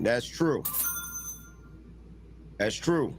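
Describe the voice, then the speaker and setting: A man's voice: high voice, animated, slow, pauses often, a bit bright, a little hiss or hum. A man hosting a podcast, commenting on a clip in an emphatic way and often asking his viewers "right?". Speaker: podcast host.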